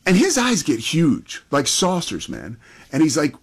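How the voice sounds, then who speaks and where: A man's voice: a little high, huge pitch swings, unhurried, slightly rough. Upbeat man talking sports. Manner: enthusiastic, conversational. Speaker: sports talk host. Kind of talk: casual sports talk.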